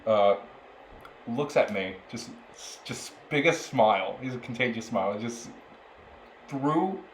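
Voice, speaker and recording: A man's voice: medium pitch, lively intonation, slow pace. A young man on a podcast, rambling through a story and laughing often as he goes. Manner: laughs often while telling stories, rambling. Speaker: podcast co-host. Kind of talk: casual storytelling chat. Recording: roomy echo with faint background noise.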